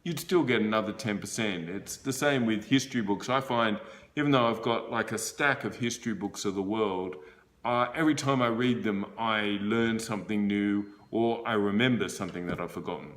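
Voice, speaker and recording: A man's voice: on the low side, normal speed, fairly bright tone. A man giving a casual book review to camera, rambling with frequent fillers and restarts.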